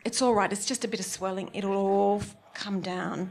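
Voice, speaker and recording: A woman's voice: mid-range voice, fairly even intonation, normal speed, close to an everyday voice. Woman doing a soothing nurse. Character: calm reassuring hospital nurse, woman.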